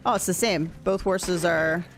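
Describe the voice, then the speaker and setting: A woman's voice: lowish voice, unhurried, over music. A woman chatting casually with her viewers while playing a game, laughing often as she talks. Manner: chatty, laughs often, reads and answers chat. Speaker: game streamer. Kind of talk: casual chat while gaming.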